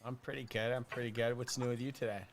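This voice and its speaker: A man's voice: medium pitch, flat delivery, fast. A man in his forties hosting a casual livestream chat, rambling and joking with lots of fillers. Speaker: podcast host.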